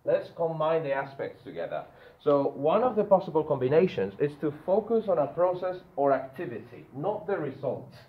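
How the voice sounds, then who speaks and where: A man teaching an English grammar lesson. He explains slowly, repeats and stresses key words one at a time, and keeps checking that the listener follows. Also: fairly high pitch, sing-song, reverberant, phone-quality sound.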